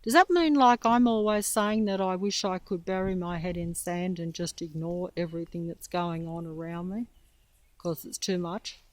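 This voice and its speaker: A woman's voice: fairly low pitch, steady tone, dry recording, rough recording. A woman filming herself on a walk in a park, out of breath, rambling and trailing off as she talks into a handheld phone. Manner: trailing off, halting and restarting. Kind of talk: rambling walking commentary. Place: outdoor park.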